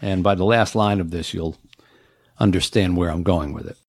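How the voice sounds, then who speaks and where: A man, the author, reading the opening of his novel aloud and then explaining its premise in an earnest, measured storytelling manner. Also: low voice, fairly even intonation, a little mellow, slightly rough, no room sound.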